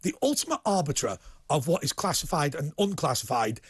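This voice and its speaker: A middle-aged British man hosting a political TV interview, animated and prone to restarting his sentences. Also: fairly high pitch, a little fast, breathy edge, dry recording. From United Kingdom. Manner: animated, repeats words when starting sentences. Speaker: TV host and political commentator. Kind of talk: casual studio interview.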